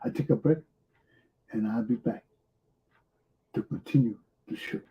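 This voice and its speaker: A man hosting a talk show, giving animated political commentary full of rhetorical questions and mimicked voices. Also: medium pitch, measured pace, lo-fi sound, very noisy. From Liberia.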